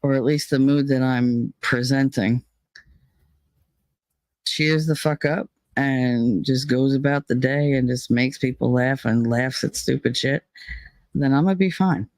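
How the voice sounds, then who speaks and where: A woman's voice: a bass voice, measured pace, darkish tone, no echo. A woman chatting casually with her viewers, rambling and swearing as she talks, shaky and dizzy after a panic attack. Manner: rambling, swearing, laughing often. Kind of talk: casual live-stream chat.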